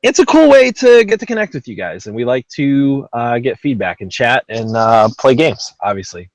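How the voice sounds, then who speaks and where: A man hosts a casual podcast chat in an easygoing, rambling way, padded with ums and uhs and quick jokes at his own expense. His voice sits at an ordinary middle pitch. The recording is dry, with no room echo. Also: very animated. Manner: rambling, lots of ums and uhs, self-deprecating. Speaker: podcast host.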